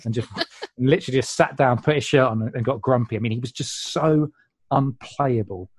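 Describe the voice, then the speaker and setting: A man in casual podcast chat, talking eagerly in quick bursts as a panelist. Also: medium pitch, a little hiss or hum.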